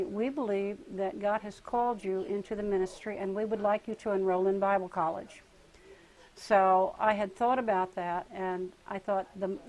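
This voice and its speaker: A woman's voice: medium pitch, darkish tone, low-quality recording. An older woman telling her life story in a casual interview, laughing often and acting out the voices of people she quotes. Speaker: interviewee, retreat participant.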